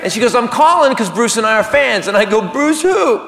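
A middle-aged man performing a stand-up comedy routine, telling a story in an animated way and breaking into high shouted voices, recorded live on stage. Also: fast talker, creaky, a loud crowd, heavy background noise. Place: theater stage. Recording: live stage mic in a reverberant hall. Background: audience ambience.

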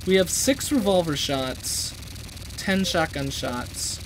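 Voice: slow, slight background noise. A let's-play gamer giving casual gameplay commentary, rambling and self-deprecating, often trailing off and restarting sentences. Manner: lively, jumpy pitch.

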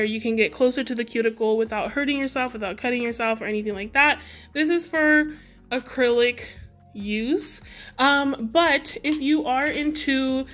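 High-voiced chatty woman vlogger. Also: fairly bright tone. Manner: chatty, giggly, talks to viewers directly. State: out of breath. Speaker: beauty vlogger. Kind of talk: casual product haul chat.

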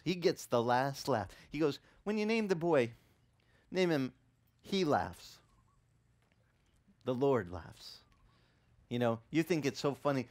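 Middle-aged male pastor, sermon, lively storyteller who acts out quotes, wide pitch swings.

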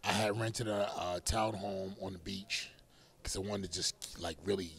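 A middle-aged man, a boxer, telling animated stories in a casual interview, laughing often and bursting into loud shouts. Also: deep voice, moderate pace.

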